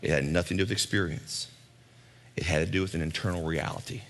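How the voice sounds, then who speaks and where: A man's voice: low voice, fairly even intonation, fast talker. A male pastor preaching a sermon in a conversational way, with asides and repeated lines for emphasis.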